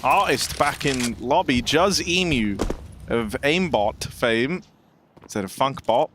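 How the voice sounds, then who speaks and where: A man's voice: medium pitch, expressive, slow pace, noisy background. A man casting a live esports match on a headset mic, full of playful, jokey banter. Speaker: esports caster. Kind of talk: live game commentary.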